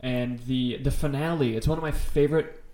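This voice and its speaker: A man's voice: mid-range voice, fairly even intonation, moderate pace, mellow. A man co-hosting a casual podcast, talking about horror films with enthusiasm and a lot of swearing. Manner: enthusiastic, rambling, swears freely. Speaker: podcast co-host. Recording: roomy echo.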